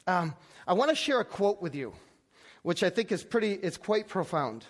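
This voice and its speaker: High-voiced man preaching conversationally. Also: big pitch swings, moderate pace. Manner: conversational, many restarts and rhetorical questions. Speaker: pastor. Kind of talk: sermon.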